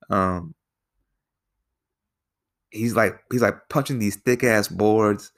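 A man's voice: fairly low pitch, steady tone, unhurried, long pauses, fairly bright tone. A man casually reviewing a film, rambling with lots of fillers and slang, sometimes restarting his sentences. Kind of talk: casual spoken movie review.

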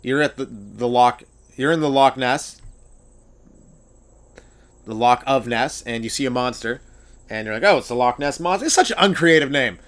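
A man, a comedian hosting his own podcast, riffing through a stand-up monologue, swearing freely and breaking into loud exaggerated voices. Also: mid-range voice, moderate pace, pauses often. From Canada.

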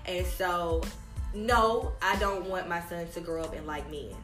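A woman co-hosting a casual chat, rambling and swearing freely as she talks it through. Her voice sits in a reverberant room. Clear music runs underneath. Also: lowish voice, unhurried, a bit bright. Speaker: podcast co-host, mother.

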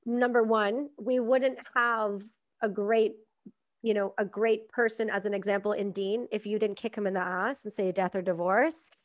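A woman's voice: mid-range voice, steady tone, normal speed, dry recording, lo-fi sound. A woman hosting a podcast, talking in an effusive, encouraging and frank way. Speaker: podcast host. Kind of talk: casual podcast chat.

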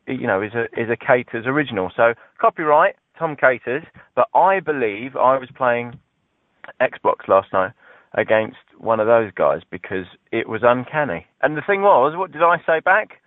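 A man's voice: medium pitch, moderate pace, dry recording. Southern english guy telling a wry story, sounds like a phone line. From Britain. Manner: wry, self-mocking, animated. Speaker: podcast co-host. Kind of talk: casual storytelling monologue.

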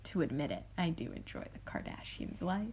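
A woman's voice: low voice, very animated, fairly quick, darkish tone, a little hiss or hum. A young adult woman co-hosting a podcast, chatting playfully and swearing casually. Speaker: podcast co-host. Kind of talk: casual chat.

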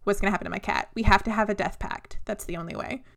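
A young woman co-hosting a casual book podcast, enthusiastic and quick to laugh. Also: medium pitch, fairly even intonation, vocal fry, a bit bright. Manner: enthusiastic, laughs easily, chatty. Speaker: podcast co-host.

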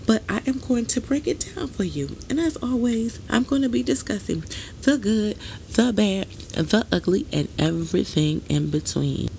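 A podcast host speaks straight to the listener in a loose, unscripted solo monologue, at an ordinary middle pitch. The delivery is blunt and emphatic, with casual swearing dropped in and plenty of fillers and little asides. A faint noise sits underneath the voice. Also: animated, normal speed, vocal fry.

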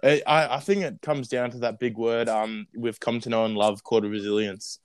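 A man's voice: medium pitch, steady tone, moderate pace, clear, resonant tone, no echo, poor audio. A young man with an Australian accent telling a long casual story as a guest, rambling with lots of fillers and restarts.

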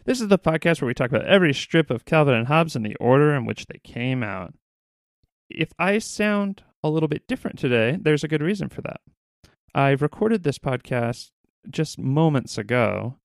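A man's voice: medium pitch, no echo, studio quality. A man hosting a solo podcast, talking casually with a grumbling, irritated, self-mocking edge. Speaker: podcast host.

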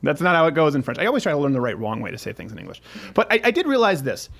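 Sarcastic man with a lively voice. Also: on the high side, very fast, gravelly. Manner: sarcastic, rambling with frequent restarts. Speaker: podcast host. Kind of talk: casual political talk show chat.

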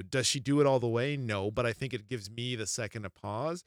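A man's voice: mid-range voice, brisk, no echo, clean studio sound. A man in his thirties, a podcast co-host, chatting casually and telling rambling stories about parenting a toddler, acting out the quotes as he goes. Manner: rambling, animated storytelling with acted-out quotes. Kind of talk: casual chat.

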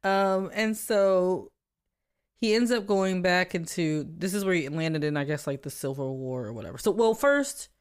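A woman's voice: on the low side, lively intonation, moderate pace, clear, resonant tone. A woman co-hosting a casual podcast, animatedly retelling film scenes and laughing often. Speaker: podcast co-host. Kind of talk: casual film-discussion chat.

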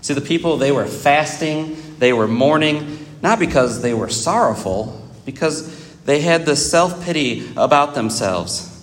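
A man's voice: on the high side, expressive, a little slow. A man preaching a sermon, explaining scripture in an earnest way and often repeating words as he goes. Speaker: pastor. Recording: echoey hall reverb.

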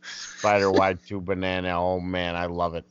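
A very deep-voiced man jokes crudely and laughs a lot in casual podcast chat. The call audio sounds dull and lo-fi. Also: completely flat delivery, normal speed, clear, resonant tone. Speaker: podcast co-host.

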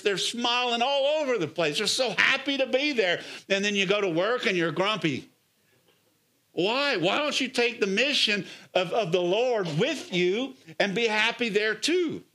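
A middle-aged male pastor with a high, bright, forceful voice preaches energetically. He coaxes his listeners with rhetorical questions and repeated calls of "come on.". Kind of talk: sermon.

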